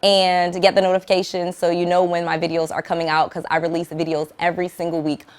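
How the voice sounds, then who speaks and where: A woman's voice: fairly low pitch, level tone, fast talker. A woman coaching viewers on real estate investing in an upbeat, emphatic teaching vlog, speaking plainly and checking in often with "okay?". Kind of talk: direct-to-camera teaching vlog.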